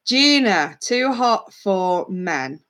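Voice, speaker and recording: A woman in her thirties, a psychic reader hosting a casual livestream, chatting warmly with viewers, reading out their comments and calling them darling. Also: medium pitch, very animated, very slow. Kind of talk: casual live-stream chat with viewers.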